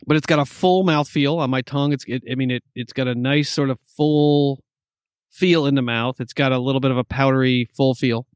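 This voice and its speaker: A man's voice: mid-range voice, fairly even intonation, fairly quick, smooth, no echo, clean studio sound. A man co-hosting a whiskey tasting in casual chat, given to wry jokes and asides.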